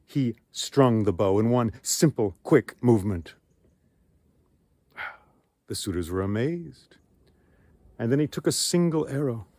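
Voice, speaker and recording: Dude telling an old myth outside, dramatic, speeds up and slows down, dry sound. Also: male voice, medium pitch, mellow, no echo. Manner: dramatic, shifting pace and volume. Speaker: storyteller. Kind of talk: oral storytelling of myth. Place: outdoors among ruins.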